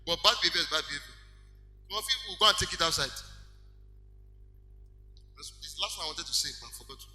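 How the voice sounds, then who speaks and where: A man preaching a sermon, animated and acting out little conversations as examples. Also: fairly high pitch, quick pace, pauses often. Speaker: pastor. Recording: echoey hall with faint music.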